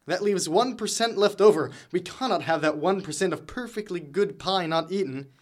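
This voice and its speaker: A man's voice: high voice, normal speed. A young man acting a teasing, offhand frat brother in a college audio drama.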